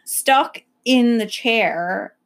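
A young woman casually telling a story about her work, animated, acting out other people's voices and swearing freely. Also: fairly high pitch, drawn-out words, creaky.

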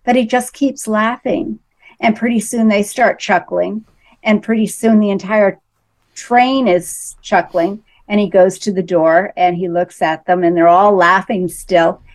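Woman, host, casual conversation, measured earnest delivery, mid-range voice. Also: mid-range voice, steady tone.

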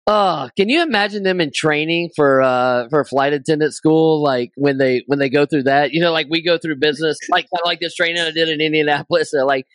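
A man's voice: on the high side, fairly quick, few pauses, no room sound. Rambling, chatty male podcast host. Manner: rambling, musing, animated. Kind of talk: casual chat.

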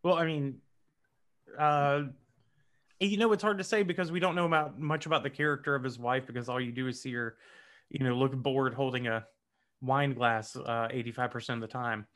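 A man co-hosting a podcast in casual chat, quick and jokey with many fillers. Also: medium pitch, steady tone, a bit bright. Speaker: podcast co-host.

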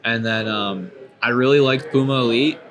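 A man hosting a podcast, a runner, talking in a relaxed, understated way. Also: medium pitch, moderate pace. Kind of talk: casual podcast chat.

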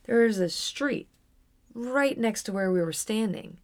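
A woman's voice: fairly high pitch, expressive, unhurried. A young adult woman telling a personal story on her podcast in a candid, rambling way with frequent restarts. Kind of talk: casual storytelling monologue.

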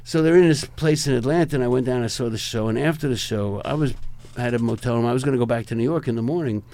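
Older man with a gravelly voice telling stories. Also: mid-range voice, fast, mellow. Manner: rambling, chuckling, acts out other people's lines. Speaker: rock photographer, interview guest. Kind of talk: anecdotal storytelling in a conversation.

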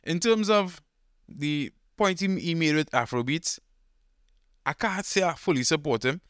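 A man talks through his opinions in an easygoing podcast chat. His voice is smooth and clear, recorded dry and close with no room sound. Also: a little high, no echo. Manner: relaxed, rambling, drawn-out thinking aloud. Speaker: podcast co-host. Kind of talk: casual chat.

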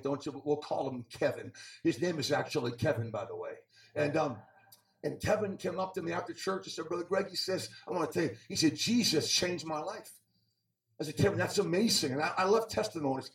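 High-voiced preacher in an echoey church. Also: male voice. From New England. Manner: storytelling, rising and falling in intensity, repeats words. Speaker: evangelist. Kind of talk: sermon. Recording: roomy church sound, mic at a distance.

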